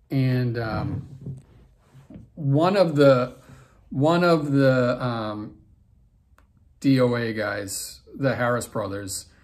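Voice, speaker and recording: A man in his forties with a mid-range, darkish voice hosts his own vlog. He tells a backstage story casually, rambling along with lots of fillers and restarts.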